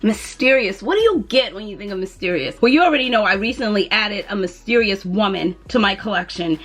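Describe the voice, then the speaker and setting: A woman's voice: mid-range voice, animated, normal speed, a bit bright, husky. A woman talking casually to camera as a fragrance vlogger, chatty and dramatic, with playful asides.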